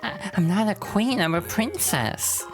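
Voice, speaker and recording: A woman's voice: medium pitch, animated, measured pace, voice pushed up. A woman voicing a haughty, annoyed young princess who talks curtly and with scorn, with game music behind. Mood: scornful. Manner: curt and scornful.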